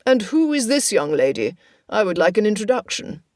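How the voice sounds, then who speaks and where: A woman's voice: medium pitch, big pitch swings, moderate pace, a little mellow, no echo, clean studio sound, close to an everyday voice. A woman voicing a stately older royal man, formal and authoritative, in an audiobook.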